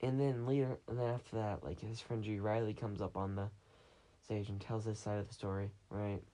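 A man's voice: fairly low pitch, flat delivery, a little fast, mellow. A man hosting a casual podcast, retelling a story in a rambling way with many restarts, recorded on a phone. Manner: meandering, full of restarts and acted quotes. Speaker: podcast host.

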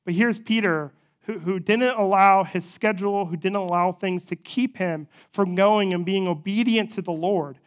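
A pastor delivers a sermon in a relaxed, conversational storytelling manner, moving through a scripture passage and pausing for personal asides. The voice sits at a middle pitch.

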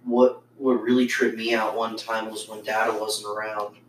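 A man's voice: lowish voice, completely flat delivery, moderate pace. A man casually telling a ghost story on a podcast, rambling with lots of swearing and fillers. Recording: roomy, distant mic with faint noise.

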